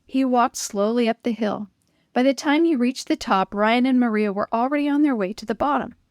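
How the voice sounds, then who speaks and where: A woman narrates a children's story in a clear, expressive read-aloud manner. Her voice sits a little high. The recording is dry and close. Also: brisk, no room sound.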